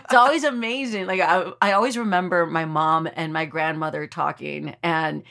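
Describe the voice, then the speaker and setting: A woman in her forties chatting casually as a comedian guest, telling stories with lively acted-out quotes. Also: deep voice, moderate pace, gravelly. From United States, Texas border region. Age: 40s. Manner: animated storyteller, acts out quoted voices. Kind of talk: casual chat.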